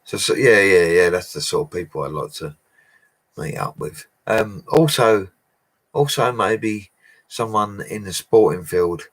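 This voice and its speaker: A man's voice: on the low side, measured pace, a bit bright. A man, a bricklayer casually answering live chat questions in a matey, chatty way and laughing often. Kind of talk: casual livestream Q&A.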